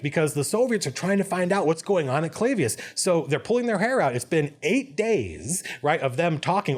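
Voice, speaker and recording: A man hosting a film analysis video, explaining a scene in an animated, conversational way. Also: on the high side. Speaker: video essay host.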